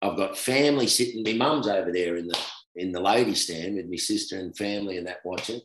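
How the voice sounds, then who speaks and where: A middle-aged man with an Australian accent, a former cricketer telling stories in a relaxed, animated chat with laughter. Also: low-pitched, a little fast, noisy background. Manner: animated anecdote telling with laughter, swings between loud and hushed. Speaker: guest, former professional cricketer. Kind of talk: casual storytelling chat. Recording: roomy echo.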